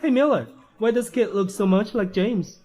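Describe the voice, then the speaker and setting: A nosy, excitable young man in a dubbed drama. His voice sits high for a man. He teases and pushes eagerly. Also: normal speed. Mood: teasing. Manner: teasing and eager.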